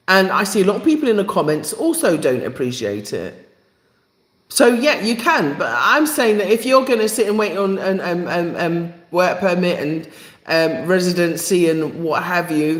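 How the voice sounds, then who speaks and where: Woman hosting a live stream, emphatic, repeats herself for effect, voice rises and falls a lot, echoey room. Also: on the low side. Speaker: channel host. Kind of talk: live-stream talk to viewers.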